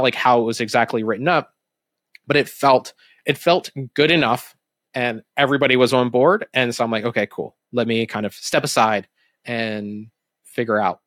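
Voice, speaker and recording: A man in casual conversation as a podcast guest, rambling and restarting his sentences with plenty of fillers. His voice sits in a middling pitch. The recording is close and dry, with no room sound. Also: fairly bright tone, dry recording. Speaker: podcast guest, former CEO. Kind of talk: casual interview talk.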